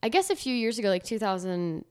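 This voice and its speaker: A woman's voice: mid-range voice, big pitch swings, quick pace, darkish tone, clean tone. Giggly woman co-hosting a casual chat. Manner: giggly, playful, frequent laughter. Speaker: podcast co-host.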